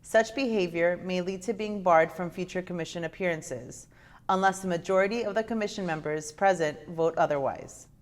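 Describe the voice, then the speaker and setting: Woman formally reading out meeting rules. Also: on the low side. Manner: measured, formal, slows down for code numbers. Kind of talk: formal read-aloud announcement. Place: city commission chamber.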